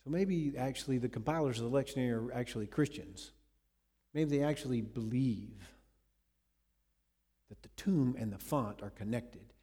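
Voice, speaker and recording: A man preaching a sermon, retelling scenes dramatically with sudden swings between loud and hushed delivery. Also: medium pitch, normal speed, pauses often, breathy edge, in a large hall. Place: church.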